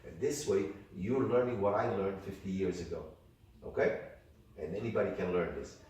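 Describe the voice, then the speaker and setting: A man's voice: sits low, normal speed. Older man teaching in an echoey room. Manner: animated, demonstrative, claps out rhythms with sung syllables. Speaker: music teacher. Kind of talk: workshop teaching. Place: indoor workshop room. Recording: echoey room from far off, faint noise.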